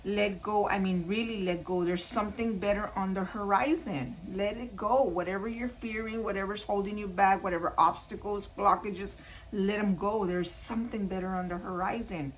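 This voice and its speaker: A woman's voice: mid-range voice, fairly even intonation, normal speed, poor audio. Earnest woman giving a tarot reading. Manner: repetitive, earnest, addresses viewers directly. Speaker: tarot card reader. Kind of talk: casual spoken tarot reading.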